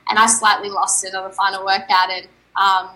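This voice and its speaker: A woman's voice: medium pitch, flat delivery, a little fast, sharp tone, rough recording. A young adult woman, an athlete guest on a podcast, telling a story candidly and animatedly and quoting her own thoughts.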